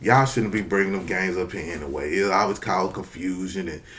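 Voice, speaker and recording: A man voicing a calm school principal giving a measured lecture about rules, in a low voice. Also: slight background noise. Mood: lecturing.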